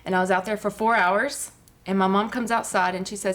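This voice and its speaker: A woman's voice: mid-range voice, steady tone, brisk, fairly bright tone. A woman, a guest giving an earnest personal testimony with many fillers. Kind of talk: personal testimony on a talk show.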